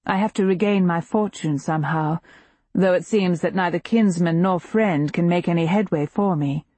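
Woman, audiobook narrator, husky tone, dry close sound, first-person historical novel, measured and intimate. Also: on the low side, no room sound. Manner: measured, intimate, emotionally expressive reading.

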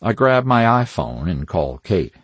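A man's voice: low-pitched, sing-song, normal speed, a bit bright, husky, no room sound. A man narrating a first-person crime novel in a wry, hard-boiled manner with dry asides. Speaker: audiobook narrator.

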